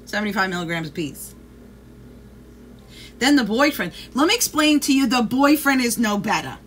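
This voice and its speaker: A woman's voice: fairly high pitch, big pitch swings, moderate pace, pauses often, fairly bright tone, slight background noise. A woman chatting casually on a livestream, swearing freely and greeting viewers by name. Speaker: vlogger.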